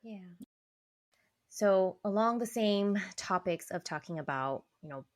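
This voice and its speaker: A woman's voice: mid-range voice, lively intonation, a little slow. A woman hosting a podcast interview, laughing along and sharing her own parenting stories. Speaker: podcast host. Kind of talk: conversational interview.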